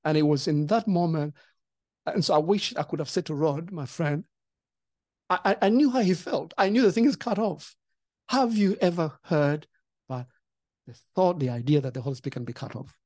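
A pastor sharing a testimony in a podcast conversation, animated and acting out the voices in the story. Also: mid-range voice, normal speed, no room sound, clean studio sound. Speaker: pastor and co-host.

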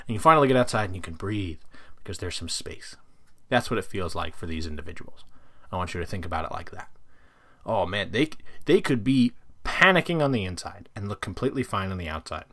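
A man hosting a casual solo podcast, talking in an animated way and jumping into side tangents. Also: low voice, fairly quick. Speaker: podcast host.

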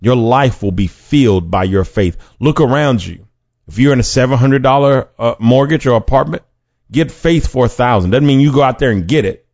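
A man's voice: medium pitch, animated, normal speed, a little mellow, no room sound. A man preaching a podcast sermon in an earnest, conversational way, often restarting his sentences. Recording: dry, dull lo-fi sound.

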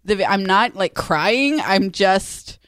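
A woman's voice: mid-range voice, animated, slow, fairly bright tone, no echo, clean studio sound. A woman in her forties co-hosting a podcast, telling a family story in a chatty way that is full of laughter. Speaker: podcast co-host. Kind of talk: casual chat.

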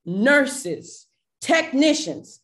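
A woman's voice: sits high, drawn-out words. A woman, a podcast guest, telling a personal family story with feeling and acting out the dialogue. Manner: emotional, animated retelling with quoted dialogue.

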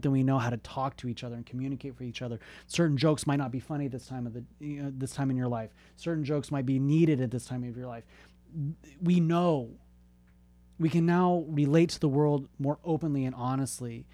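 A man's voice: mid-range voice, warm tone. A man in his thirties talking bluntly and with lots of swearing, urging listeners to be open and ask for help. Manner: profane, blunt, impassioned. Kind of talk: candid motivational talk.

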